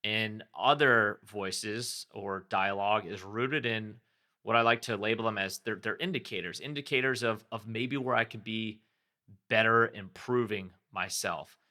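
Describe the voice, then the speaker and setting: A man's voice: on the low side, measured pace, sharp tone. A man hosting his own podcast, talking candidly and rambling a little, correcting himself as he goes. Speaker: podcast host. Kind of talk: reflective solo podcast talk.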